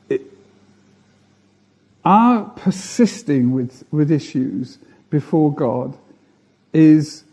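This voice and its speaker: A man's voice: fairly high pitch, warm tone. A man preaching a sermon, earnest, building emphasis through repeated phrases.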